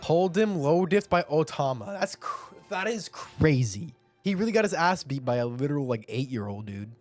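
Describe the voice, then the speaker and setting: A man hosting a manga reaction, giving casual commentary with animated, profane asides. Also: a little high, moderate pace, no room sound, faint music behind. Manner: animated, swearing, laughing asides.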